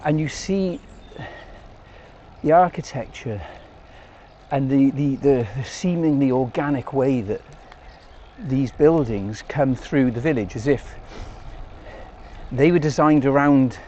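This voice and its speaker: Outdoors on a bike, an English-accented man talks casually to camera as he cycles country lanes, rambling and tossing in jokes. He speaks slowly in a warm, medium-pitched voice, and the lo-fi recording has slight background noise.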